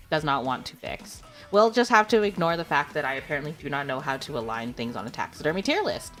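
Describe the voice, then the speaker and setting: Chatty and giggly, this woman streamer talks casually with viewers and fills her speech with "like" and "you know." Her voice is on the low side with a fairly bright tone.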